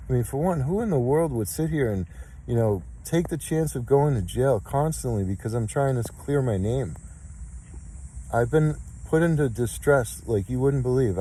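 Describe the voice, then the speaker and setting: A man's voice: mid-range voice, warm tone, poor audio. Aggrieved man in his fifties. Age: 50s. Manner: aggrieved, insistent, repeats his points. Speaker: complainant recording his case. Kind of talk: emotional spoken monologue.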